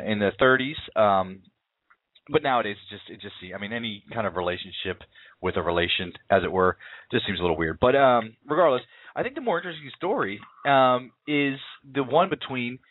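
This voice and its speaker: A man's voice: fairly low pitch, no echo. A man talking casually about a film he saw, rambling with many fillers and restarts. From United States. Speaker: film reviewer. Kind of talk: casual film review chat. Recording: tinny phone-like line.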